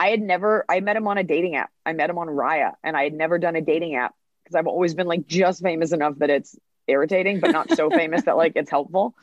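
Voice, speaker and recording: A chatty woman comedian in her thirties tells stories fast, slipping into voices for the people she quotes. Her voice comes through a bit dull and lo-fi, with a dry, close sound. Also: deep voice, no echo. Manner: chatty, quick storytelling with acted-out quotes. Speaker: stand-up comedian, podcast guest. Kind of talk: casual interview talk.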